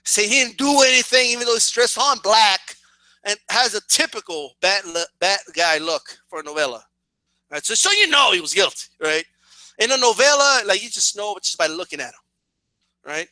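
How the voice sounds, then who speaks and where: High-pitched, bright, profane male ranter. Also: normal speed, dry recording. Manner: profane, animated, keeps asking "right?". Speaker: vlogger. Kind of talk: casual comedic rant.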